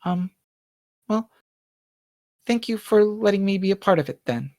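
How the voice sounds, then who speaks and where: A woman's voice: mid-range voice, expressive, measured pace, a little mellow, no room sound, clean studio sound, pitched above the performer's own voice. A woman doing a meek young shop assistant. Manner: apologetic, hesitant, deferential.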